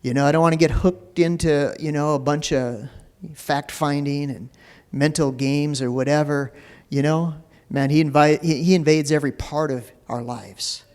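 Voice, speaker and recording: A man's voice: on the high side, fairly even intonation, moderate pace, hardly any pauses, darkish tone, clear, resonant tone. A man preaching a sermon as pastor, talking in a loose, conversational way full of fillers. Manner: conversational preaching with many "you know" fillers. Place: church sanctuary. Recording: long reverb of a church hall.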